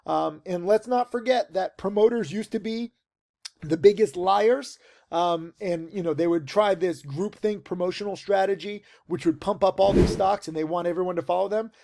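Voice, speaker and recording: The speaker, a man in his forties, has a high-pitched, creaky voice that's a little mellow, and he talks at normal speed. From a tent outdoors, he delivers a casual video monologue on trading that rambles, leans on fillers, and hits points emphatically.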